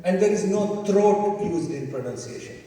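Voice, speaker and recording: A man's voice: high voice, expressive, moderate pace, warm tone. A man teaching chanting to a class, patiently explaining and counting syllables aloud. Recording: distant mic in an echoey hall.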